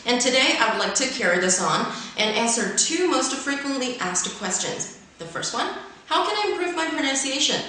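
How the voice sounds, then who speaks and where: A woman's voice: on the high side, bright, forceful tone, slight background noise. Woman hosting an English lesson. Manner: clear, structured, lists points one by one. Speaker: host and English teacher. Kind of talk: scripted explanatory lesson. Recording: echoey room, mic far away.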